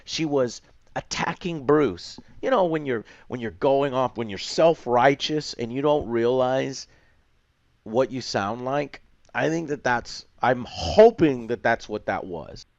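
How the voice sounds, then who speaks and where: A man's voice: mid-range voice, lively intonation, slow, vocal fry, no room sound, lo-fi sound. A man reviewing a show online, ranting passionately and swearing. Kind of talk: heated video commentary.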